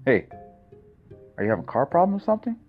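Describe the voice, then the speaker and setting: A man voicing a nosy male street cop who fires off quick, prying questions in a raised, higher voice. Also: very animated, narrow, tinny audio, faint music behind.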